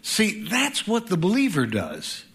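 A middle-aged pastor preaching a sermon in an animated way, with joking asides and mock voices. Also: male voice, high voice, measured pace.

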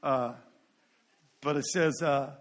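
A man's voice: medium pitch, steady tone, takes it slowly. A man in his sixties, a pastor preaching a sermon in a loose, conversational way, full of asides and self-deprecating humor.

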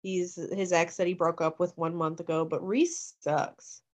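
A woman's voice: lowish voice, level tone, a little slow. A young woman co-hosting a podcast, chatting casually with short agreeing replies and summing up the movie. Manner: brief agreeing replies, laughs along, wraps up the recap. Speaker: podcast co-host. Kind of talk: casual chat.

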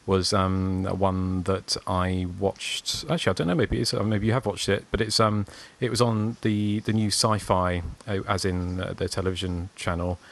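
Very deep-voiced English man, rambling. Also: fairly even intonation, moderate pace, few pauses. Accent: English, southern, slightly posh. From Surrey, England. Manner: meandering, self-deprecating storytelling. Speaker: podcast co-host. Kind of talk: casual chat.

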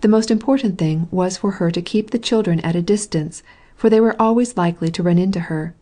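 A woman narrating a classic novel as an audiobook reader, in a measured, even storytelling manner. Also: lowish voice.

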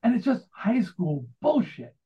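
A man's voice: sits high, sing-song, measured pace, mellow. A man in his sixties with an American accent, talking about his writing in a casual, rambling interview, full of restarts and asides. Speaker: author and rock singer guest. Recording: tinny phone-like line.

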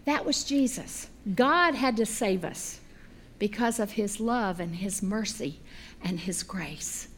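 A middle-aged woman preaching a sermon with animated, humorous storytelling. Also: mid-range voice, slow pace, a little hiss or hum.

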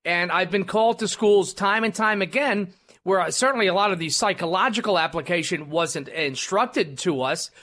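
A man with a fairly high voice speaks in a casual podcast chat. He is emphatic and hammers his points home by repeating them. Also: normal speed, pushed and bright. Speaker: co-host, former law officer.

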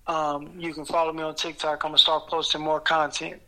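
Man, Indianapolis accent, boxer guest, bright flat voice, laid-back. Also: on the high side, brisk, rough recording. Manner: laid-back, repeats "you know what I'm saying". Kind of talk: casual interview.

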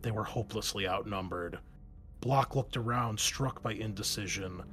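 A man narrating a fantasy war story in a steady, measured storytelling manner, over faint music. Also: on the low side.

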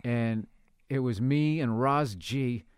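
A man's voice: mid-range voice, slow pace, smooth, no echo, clean studio sound. Profane man telling comedy road stories. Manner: animated, profane, acts out other people's lines. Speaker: podcast host. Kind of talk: casual comedy storytelling.

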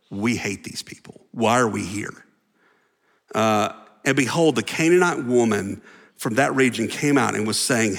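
A man preaching a sermon as pastor, animated, acting out voices and dropping at times to a near whisper. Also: mid-range voice. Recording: long reverb of a large hall.

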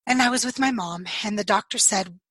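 A woman with a slightly hoarse, husky voice, telling her life story in an interview and acting out the dialogue she recalls. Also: medium pitch, a little fast, a bit bright, dry recording, low-quality recording. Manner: storytelling, acts out quoted dialogue, laughs often. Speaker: podcast guest.

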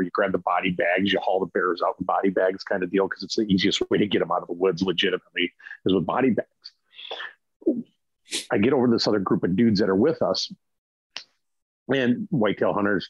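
Husky man telling hunting stories. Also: lowish voice, no room sound, highs cut off. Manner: animated, acts out quotes with a raised voice, laughs often. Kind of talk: casual storytelling.

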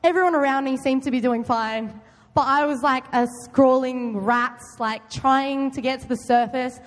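A young woman giving a loud, chatty youth talk, often quizzing her audience. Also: high-pitched, normal speed. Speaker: youth group speaker. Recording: long hall reverb.

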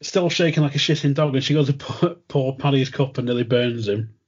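A man's voice: medium pitch, brisk, darkish tone, husky. A man retelling scenes step by step in casual chat. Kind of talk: casual chat recapping a show. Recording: dull lo-fi audio.

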